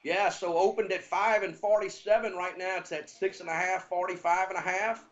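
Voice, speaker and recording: A man with a Southern American accent giving betting lines in casual sports talk, halting with many fillers. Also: high voice, flat delivery, lo-fi sound.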